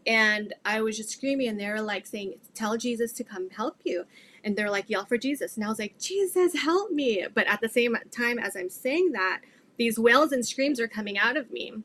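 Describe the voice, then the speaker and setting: A woman's voice: on the high side, moderate pace, a bit bright, slight background noise. A middle-aged woman earnestly telling her faith testimony in an interview, rambling with many fillers. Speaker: guest sharing her testimony.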